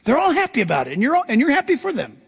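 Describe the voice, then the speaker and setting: A man preaching with a very high voice, reading scripture and breaking into playful acted-out lines. His voice carries a long reverb, as in a large hall. He swings from soft, low asides to bright, excited bursts. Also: rapid-fire, creaky. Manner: animated preacher, acts out Bible voices with big pitch jumps. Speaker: pastor. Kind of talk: sermon.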